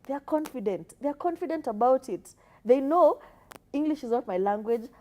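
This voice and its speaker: An emphatic woman from Kenya co-hosts a casual chat, speaking a touch high. She gives firm opinions and now and then mimics the voices of other people. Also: expressive, moderate pace, warm tone. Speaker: podcast co-host.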